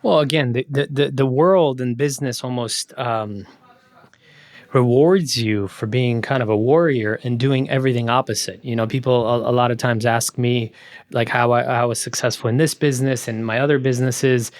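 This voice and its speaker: A middle-aged man hosts a casual podcast chat and tells lively stories, acting out the voices of others. His voice sits at an ordinary pitch. The recording is close and dry. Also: moderate pace, no room sound. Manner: storytelling, animated impressions of others. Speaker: podcast host. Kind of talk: casual conversation.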